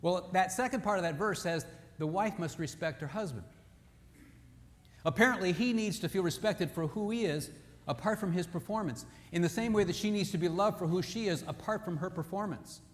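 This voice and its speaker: Animated high-voiced male preacher. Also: a little fast, long reverb tail. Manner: animated, humorous storytelling. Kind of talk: sermon.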